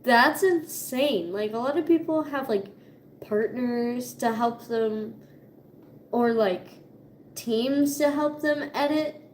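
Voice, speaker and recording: A young woman with a high voice talks freely to her camera, casual and profane. Her voice rings in an echoey room. A faint hum of ambience sits behind her. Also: slow. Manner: chatty, swearing, laughing often. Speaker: vlogger. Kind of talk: casual chat.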